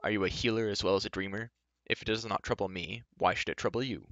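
A man's voice: on the low side, fairly even intonation, fast, a bit bright, no room sound, lo-fi sound. A man doing a haughty, stiff young noble. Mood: proud.

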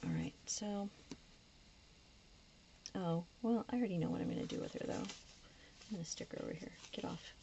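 A woman talks through her planner spread in a casual, rambling way, often dropping to a near-whisper as she works. Her voice is low and gravelly with a tired edge. The recording is dull and lo-fi, with a faint hiss behind her. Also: big pitch swings, moderate pace, pauses often, dark tone. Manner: chatty, often drops to a whisper while sticking stickers. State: voice starting to go. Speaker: planner vlogger. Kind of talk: casual plan-with-me chat.

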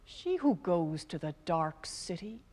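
A woman's voice: big pitch swings, a little mellow, in a large hall, exaggerated voice. A woman voicing a stern old father god. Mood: grave. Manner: grave, slow, lowering voice.

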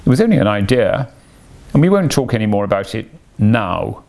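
A man voicing a boastful, excitable male toad with a pompous manner in a read-aloud storybook. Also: medium pitch, gravelly. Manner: pompous, then self-pitying.

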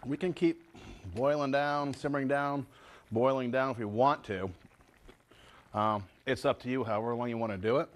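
A man's voice: mid-range voice, steady tone, moderate pace. A man hosting a casual home cooking show, chatting to viewers as he tastes and cooks. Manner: chatty, tasting food and talking to viewers as folks.

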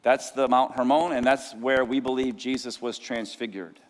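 A male pastor preaching a lively sermon, sometimes shouting out the lines of the people in his story. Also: medium pitch, normal speed. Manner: energetic preaching, acts out disciples' cries. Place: church sanctuary. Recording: long church hall reverb.

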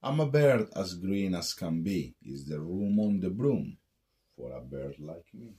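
A man's voice: sits low, very animated, measured pace, warm tone. A man reading aloud, voicing a polite green female bird from a picture book.

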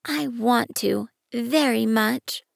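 A woman voicing a gentle, curious young boy prince in an audiobook, asking questions in a soft, wondering way. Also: on the high side, slow, creaky, no room sound, studio quality, voice pushed up, full character voice. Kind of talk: audiobook reading.

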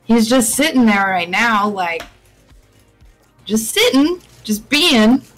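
A woman's voice: a little high, sing-song, takes it slowly, fairly bright tone, faint music behind, rough recording. A young woman chatting casually as a guest on a live stream podcast, rambling with many fillers and restarts.

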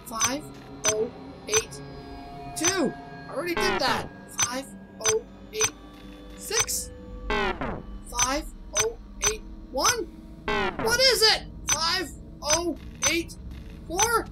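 A woman gamer narrates a horror game to herself, jumpy and excitable. Her high voice leaps up and down as she yelps and laughs nervously. Game music plays clearly behind her. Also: extremely slow, long pauses, poor audio. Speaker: gaming channel host. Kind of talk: horror game let's play commentary.

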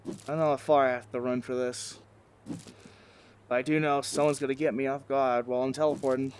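A man playing a VR game at home, giving casual, excitable commentary through a headset microphone. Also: medium pitch, fairly quick, slight background noise. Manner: excitable, exclaiming, joking. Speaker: gaming video creator.

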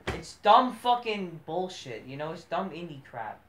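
Woman, low voice, sarcastic and profane, ranting review, echoey room. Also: very animated, measured pace, slight background noise. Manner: sarcastic, mocking, swears constantly. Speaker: wrestling show reviewer.

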